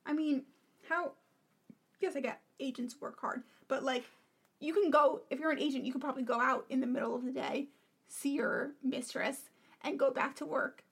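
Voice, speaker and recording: A woman's voice: sits high, steady tone, normal speed, creaky, a bit bright, husky. A young woman co-hosting a podcast in casual, opinionated chat, sometimes dropping to a whisper. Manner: chatty, opinionated, often drops to a whisper. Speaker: podcast co-host.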